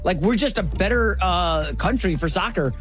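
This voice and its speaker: A man's voice: high voice, animated, moderate pace, fairly bright tone, soft background music. A man co-hosting a sports talk show, chatting through the news and leading the talk along. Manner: chatty, conversational.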